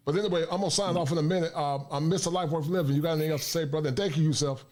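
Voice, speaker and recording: A man co-hosting a casual podcast chat, halting and repeating words as he talks. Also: fairly high pitch, steady tone, a little mellow.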